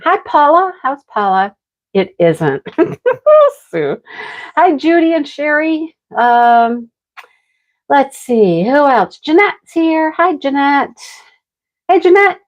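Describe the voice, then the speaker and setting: A woman hosting a live craft stream, chatting casually and greeting viewers by name while she works. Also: a little high. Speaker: craft livestream host.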